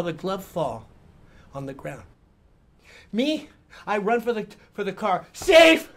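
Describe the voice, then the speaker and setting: An older man from Hawaii tells a spooky tale for children in a thick Hawaiian Pidgin accent. His delivery is theatrical, sinking to hushed tones and then rising with excitement. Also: high voice, heavy background noise. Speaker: storyteller. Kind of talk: spooky story for kids.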